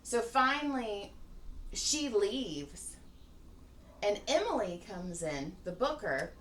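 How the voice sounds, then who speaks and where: Host type: woman, rambling profane storyteller, casual chat, mid-range pitch, far from the mic in a roomy space with faint hiss. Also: very animated, slow. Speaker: podcast host.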